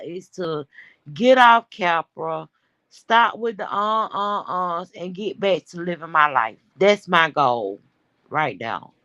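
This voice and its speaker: A woman's voice: lowish voice, a bit bright, no room sound. A woman hosting a livestream, brash and profane, talking straight to her chat and sounding winded and worn-voiced. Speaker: livestream host.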